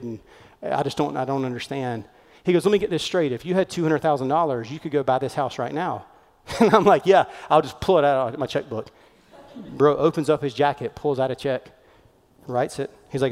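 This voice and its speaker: A man, a pastor telling a story in a sermon, animated and conversational, acting out the voices he quotes. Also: mid-range voice, brisk. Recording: long hall reverb.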